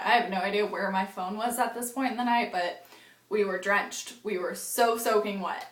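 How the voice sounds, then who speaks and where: A woman's voice: medium pitch, fairly even intonation, unhurried, a bit bright. A young adult woman telling a rambling casual story as a vlogger, full of "like" fillers and swearing. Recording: echoey room.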